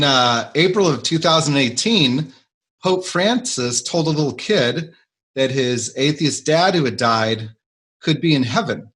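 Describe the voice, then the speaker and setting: A man co-hosting a casual discussion from home over a video call, speaking in a measured, slightly hesitant way. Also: on the high side, fairly bright tone. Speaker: co-host.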